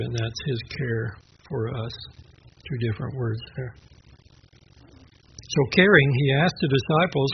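A man's voice: mid-range voice, a little slow, vocal fry, long pauses, muffled recording, background noise. A man preaching a sermon, telling a personal story and then reflecting on scripture in a conversational way, with small laughs and restarts.

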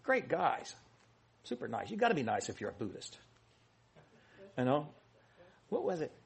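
Pastor, male, husky, mid-pitched; casual rambling sermon full of jokes and restarts. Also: huge pitch swings, normal speed. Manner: rambling, joking and self-correcting, with many restarts and fillers. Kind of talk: informal sermon.

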